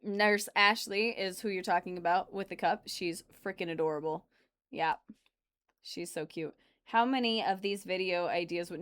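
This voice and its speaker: A woman's voice: lowish voice, normal speed, a bit bright, clean tone. A woman chatting casually on a live stream, rambling and answering viewer comments as she goes. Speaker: streamer reacting to videos.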